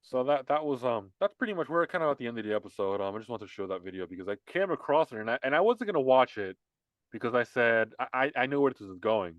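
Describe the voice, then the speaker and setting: A man's voice: mid-range voice, expressive, fast talker, no echo, highs cut off. A man co-hosting a casual podcast, talking in a heated, emphatic way, repeating himself with many restarts. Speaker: podcast co-host. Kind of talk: casual political podcast chat.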